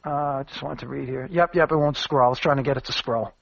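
A man's voice: mid-range voice, fast talker, vocal fry, no echo, dull audio. A man hosting a commentary show, rambling and emphatic with many fillers. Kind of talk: casual spoken commentary.

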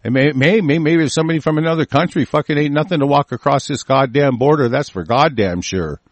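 A man's voice: medium pitch, quick pace, no room sound. A man from the United States giving a heated, profane rant and reading news aloud in between. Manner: profane, heated, swearing constantly. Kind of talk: angry ranting monologue, reading news aloud.

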